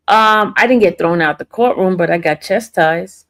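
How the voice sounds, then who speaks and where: A woman's voice: lowish voice, normal speed, hardly any pauses, a bit bright. A woman talking defensively to her livestream viewers, laughing often and addressing them as y'all. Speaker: livestream host. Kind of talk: casual livestream chat.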